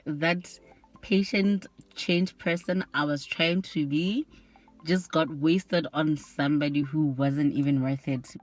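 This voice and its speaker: A woman's voice: sits low, fairly even intonation, takes it slowly, faint music behind. A young woman telling a personal story to camera in a candid, exasperated way, with plenty of "like". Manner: candid, exasperated, often says "like". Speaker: vlogger.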